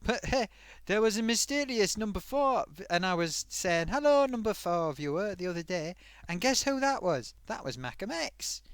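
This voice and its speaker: A man's voice: high voice, big pitch swings, moderate pace, hardly any pauses, fairly bright tone, clean tone, no room sound. A man hosting a casual live stream, reading out forum comments with a chatty, self-amused manner.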